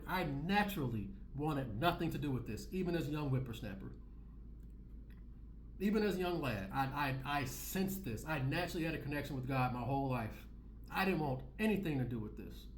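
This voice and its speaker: A man's voice: a little high, reverberant, slight background noise. A man giving reaction commentary in a preachy, repetitive way, full of street slang. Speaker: commentary vlogger.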